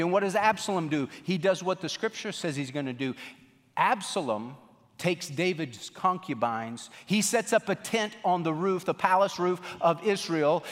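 A male pastor preaching a sermon, swinging between emphatic raised lines and hushed low drops. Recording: long hall reverb.

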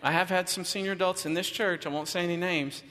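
A man's voice: sits high, steady tone, fast talker, bright, forceful tone. A man giving a chatty sermon, telling a self-deprecating story before he turns to teaching. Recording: long reverb of a church hall.

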